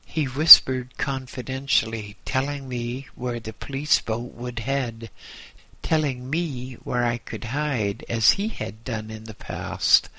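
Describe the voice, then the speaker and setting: A man giving scripted first-person narration in a measured, deliberate way. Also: medium pitch, bright, forceful tone, dry recording.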